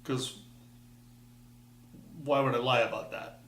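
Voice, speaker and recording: A man's voice: medium pitch, little pitch movement, slow, a bit bright, far from the mic. A man in his fifties from Wisconsin, telling a rambling personal story with wry asides and frequent restarts. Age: 50s. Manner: rambling, self-interrupting, wry. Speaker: vlogger. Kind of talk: casual personal monologue. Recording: echoey room, voice off-mic.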